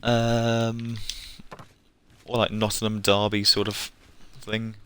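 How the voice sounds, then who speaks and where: A man's voice: lowish voice, completely flat delivery, slow pace, fairly bright tone, smooth. A young English man streaming a game, chatting casually in a rambling way with frequent chuckles and fillers. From England. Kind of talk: casual live-stream chat while playing.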